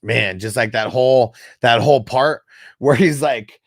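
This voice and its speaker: A man's voice: mid-range voice, a little slow, creaky, dry recording, clean studio sound. A young man hosting a casual livestream, reading out chat comments in a loose, rambling way and swearing freely. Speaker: host.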